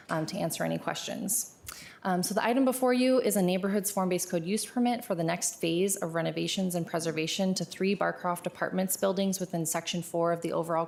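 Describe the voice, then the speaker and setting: A woman on county planning staff giving a formal briefing to a board. She is steady and businesslike, with frequent "um" fillers. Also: fairly low pitch. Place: public meeting chamber.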